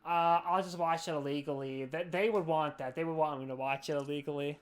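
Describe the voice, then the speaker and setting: Drunk and chatty, the young podcast host swears and slurs as he rambles along. He speaks briskly, his fairly high voice clear and resonant, with intonation that stays fairly even.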